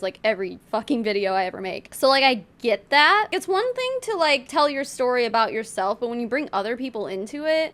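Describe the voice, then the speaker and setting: A young woman with a high, lively voice talks through a clip in casual reaction commentary. She is chatty and wry, rambles a little and breaks into laughs.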